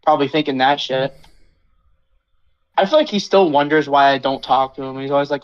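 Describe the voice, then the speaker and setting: A man's voice: mid-range voice, a little fast, long pauses, smooth, muffled recording. A young man hosting a casual podcast, ranting with lots of swearing and acting out what others said. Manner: animated swearing rant, acts out quotes. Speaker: podcast host. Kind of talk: casual chat.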